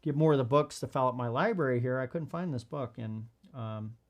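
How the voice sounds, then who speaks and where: A man hosting a podcast, talking bluntly in casual commentary while reading from a parenting book. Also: a little fast. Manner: animated, blunt, swears, acts out kids in high voices. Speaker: podcast host.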